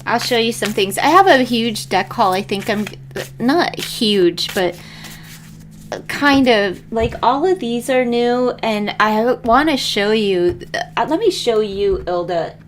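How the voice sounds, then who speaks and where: A woman's voice: fairly high pitch, expressive, takes it slowly, a little hiss or hum. A middle-aged woman reading tarot on a live stream, chatting loosely with viewers, rambling and laughing often, sometimes emotional.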